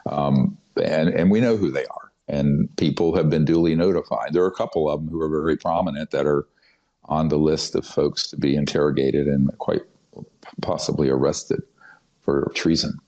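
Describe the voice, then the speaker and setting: An older man with a very deep, low voice tells his story as an interview guest. He talks emphatically and conspiratorially, restarting sentences and filling pauses with "um" and "uh". The sound is a little dull and muffled, like lo-fi podcast audio. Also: steady tone, dark tone. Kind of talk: long-form interview storytelling.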